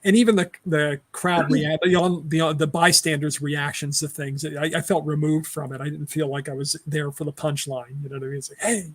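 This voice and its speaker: A man's voice: fairly high pitch, level tone, a little fast, few pauses, dry recording. A man co-hosting a casual movie podcast, blunt and opinionated and laughing often. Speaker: podcast co-host.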